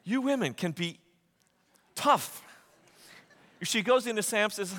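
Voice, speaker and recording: A man preaching a sermon, retelling stories with lively, acted-out voices. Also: sits high, a little slow, long pauses, big-room sound. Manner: animated storytelling, acts out quotes. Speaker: pastor.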